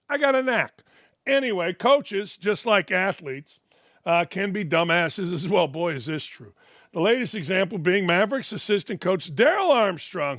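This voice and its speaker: An older man delivers a sports talk monologue, blunt and sarcastic, his voice sitting fairly high for a man. The sound is dry and close, with no room around it. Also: a bit bright, no echo. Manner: blunt, sarcastic and heated, acts out anecdotes. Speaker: sports talk show host. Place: studio.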